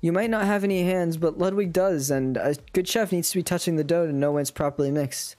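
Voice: medium pitch, fairly quick, darkish tone, no echo. Casual streamer reading a dating sim. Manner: casual, swears, laughs at own slips, tries character voices.

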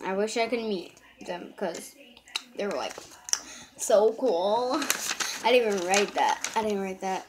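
Slow-talking girl with a noisy phone recording. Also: medium pitch. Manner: rambling, full of fillers like "so" and "yeah". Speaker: vlogger. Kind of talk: casual vlog chat. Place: bedroom indoors. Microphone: handheld phone.

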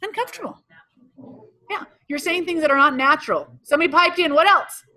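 A real estate sales trainer runs a live workshop, her voice high, bright and pushed as she talks fast. She quizzes the room and echoes the audience's answers back to them.

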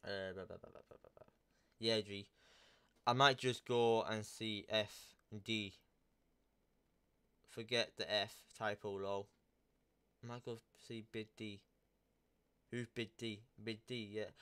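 A man's voice: on the low side, fairly even intonation, unhurried, pauses often, pushed and bright, clean tone. A young man telling a story in a crude, rambling way, reading out text messages with plenty of swearing. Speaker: YouTuber. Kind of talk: casual storytelling, reading out texts.

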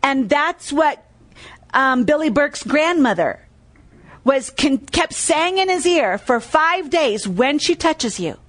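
Lady preacher, high voice, repeats stuff a lot and keeps asking the crowd "what?". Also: lively intonation, slow pace, fairly bright tone. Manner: emphatic, repeats key phrases, quizzes listeners with "what?"; tells stories and reads scripture aloud. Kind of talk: sermon.

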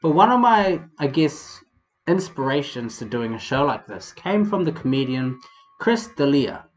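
A young man from New Zealand with a New Zealand accent, hosting a casual comedic vlog in a rambling, profane, animated way. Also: a little high, normal speed, dull audio. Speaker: vlog host.

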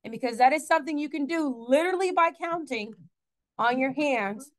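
A woman's voice: high voice, lively intonation, brisk. A woman teaching a math class in a classroom, chatty, asking the students questions and correcting her own slips.

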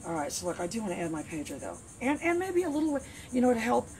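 A woman's voice: a little high, big pitch swings, fast, a little mellow. A woman training her dog and talking casually, chatty and playful, with sing-song repeats. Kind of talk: casual training demo talk. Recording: noisy outdoor recording.

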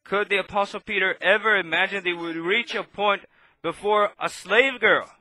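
Impassioned high-voiced male preacher. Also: normal speed. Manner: impassioned, swinging from loud to hushed. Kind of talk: sermon.

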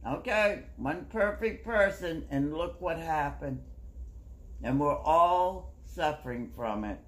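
A woman's voice: low voice, animated, slow. An older woman with a Southern US accent, a grandmother chatting on a live stream in a plain-spoken, lecturing way. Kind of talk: casual chat.

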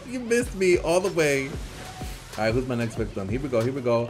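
A man giving live gameplay commentary as a channel host, in an animated, playful trash-talking way with frequent laughter. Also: mid-range voice, fairly quick, music in the background.

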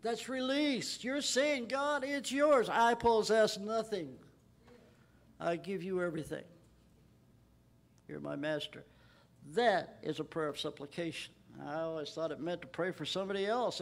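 Male pastor, high voice, emphatic Bible-study preacher who lifts his voice on scripture. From Texas. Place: church.

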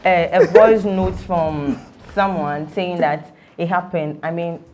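A young woman co-hosting a casual entertainment chat, animated and laughing often. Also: lowish voice, slow pace. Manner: laughing, animated, repeats words. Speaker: co-host.

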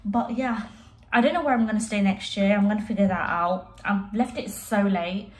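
A woman's voice: medium pitch, moderate pace, husky, poor audio. A young woman chatting casually in a vlog, rambling and giggly, filmed on a handheld phone out and about. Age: young adult. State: out of breath. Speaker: vlogger. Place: outdoors on busy streets and in a restaurant. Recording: loud street crowd and traffic behind.

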